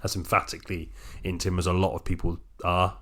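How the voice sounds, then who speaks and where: A man's voice: low voice, level tone, fast, a bit bright. A young adult man co-hosting a film podcast, blunt and casual, swearing offhandedly as he leads the wrap-up. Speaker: podcast co-host.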